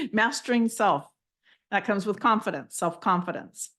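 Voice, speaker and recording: A woman giving a live channeled spiritual reading, gentle and affirming, often repeating phrases as she passes messages on. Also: medium pitch, expressive, slow.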